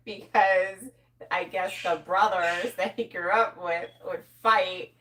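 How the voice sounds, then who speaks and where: A woman in relaxed live-stream chat, teasing with dry remarks. She talks at an unhurried pace in a bright voice. She sits back from the microphone. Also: mid-range voice, distant mic, slight background noise. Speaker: mortician. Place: home studio room. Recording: voice off-mic.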